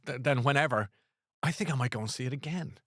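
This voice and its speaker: A man's voice: medium pitch, fast talker, fairly bright tone, dry recording, studio quality. A man hosting a casual chat show, rambling and self-deprecating with lots of restarts. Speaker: host.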